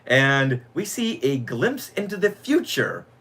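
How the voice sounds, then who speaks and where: A man's voice: medium pitch, sing-song, slow pace, bright, forceful tone, husky. A middle-aged man co-hosting a podcast, telling nostalgic stories with enthusiasm. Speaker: podcast co-host. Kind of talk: casual fan podcast chat.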